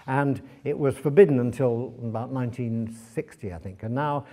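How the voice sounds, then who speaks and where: A man speaking as a guest author at a library event, telling lively travel anecdotes to an audience, with many fillers and restarts. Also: medium pitch, normal speed. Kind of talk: anecdotal talk to a live audience.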